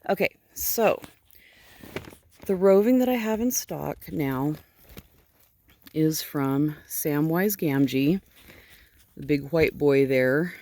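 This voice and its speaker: A woman sheep farmer with a husky morning voice, just up and chatting casually into a handheld phone outdoors at her barn, wandering off topic as she goes. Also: sits low, warm tone, no echo. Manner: chatty and digressive, easily distracted. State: just woken up, yawning. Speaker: sheep farmer and fiber seller.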